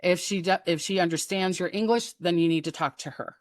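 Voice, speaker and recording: A woman guest on a chat show, telling stories in a lively way, acting out the voices of other people and laughing often. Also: on the low side, brisk, no room sound, clean studio sound. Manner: animated, acts out quoted voices, laughs often. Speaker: psychic guest. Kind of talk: casual storytelling chat.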